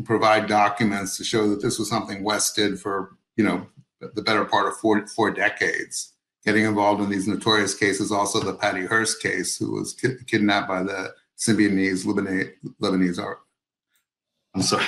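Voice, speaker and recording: A man's voice: on the low side, little pitch movement, normal speed, a bit bright, reverberant, rough recording. A man, an author being interviewed, who talks hesitantly with many fillers and restarts. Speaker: author guest. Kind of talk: interview over video call.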